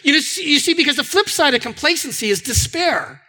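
A middle-aged man preaching a sermon, telling stories in an animated way and often stammering into repeated words. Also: extremely high pitch, a little fast, rough recording. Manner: animated storytelling, acting out quoted voices, frequent stammered repeats. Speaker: pastor.

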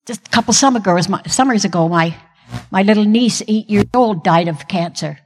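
A woman's voice: medium pitch, fairly quick, big-room sound. An older woman giving a humorous, self-deprecating Christian talk from a stage with comic timing. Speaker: Christian speaker. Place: stage in a large hall.

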